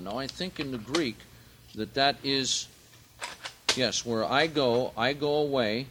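A man leading a verse-by-verse Bible study, speaking deliberately and swelling loud and emphatic when he quotes scripture. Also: medium pitch, slight background noise. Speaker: Bible teacher.

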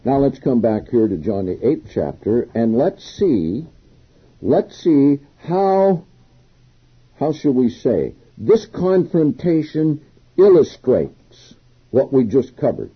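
In a muffled recording, a man preaches a sermon of Bible exposition, reading scripture verses aloud and then explaining them, his voice rising emphatically on the quotes. His very husky voice is medium-pitched and sing-song, and he speaks slowly.

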